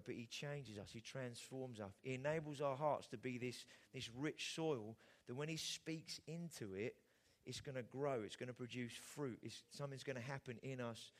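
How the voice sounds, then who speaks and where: A middle-aged man preaching a sermon in a conversational way, often putting rhetorical questions to his listeners. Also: medium pitch. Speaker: pastor.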